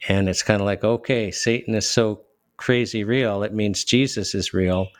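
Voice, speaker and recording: A man, a lawyer, speaking earnestly as a guest in an interview, often pausing and restarting as he gets emotional. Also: fairly low pitch, steady tone, dry recording. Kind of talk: casual interview talk.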